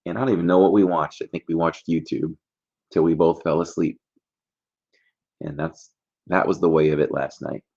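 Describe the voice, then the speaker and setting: A man's voice: sits low, fairly even intonation, normal speed, vocal fry, long pauses, darkish tone, slightly rough, muffled recording. A man hosting a casual trivia livestream, chatty and jokey, rambling between questions.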